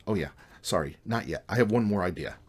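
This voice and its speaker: A man's voice: low voice, lively intonation, brisk, a little hiss or hum. A man voicing an eager, impulsive young male roommate who loves pranks. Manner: upbeat, impulsive.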